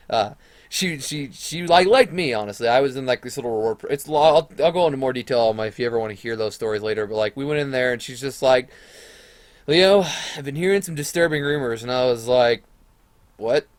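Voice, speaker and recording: A man's voice: medium pitch, no echo. A young man telling a school story in a casual vlog, rambling and profane, acting out what others said. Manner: rambling, profane, animated retelling with quoted voices.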